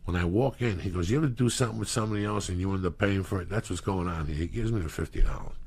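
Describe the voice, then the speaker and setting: Deep rough-voiced guy, middle-aged, swearing a lot, telling wild stories. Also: rapid-fire, slight background noise. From New Jersey. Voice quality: gravelly. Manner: profane, animated storytelling with acted quotes. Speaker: storyteller guest. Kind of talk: casual storytelling.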